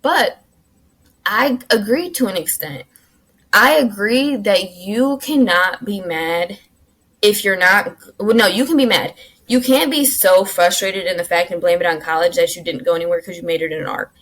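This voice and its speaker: A young woman talks straight into her own podcast mic, blunt and full of swearing. She builds into dramatic rants, then slips into quiet, muttered asides. Her voice sits in a middle pitch for a woman. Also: moderate pace, poor audio. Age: young adult. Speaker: podcast host. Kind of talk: casual solo podcast chat.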